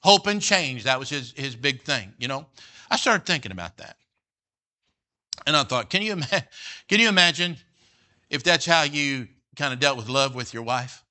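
A man's voice: fairly high pitch, big pitch swings, moderate pace, bright, forceful tone. A middle-aged man preaching a sermon as pastor, folksy and joking, often checking in with "all right?" and "you know".

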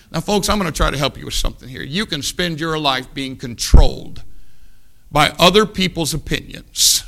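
A man preaching a sermon, telling a folksy story in a hushed voice and then rising into loud exhortation. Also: fairly high pitch, fairly quick, gravelly.

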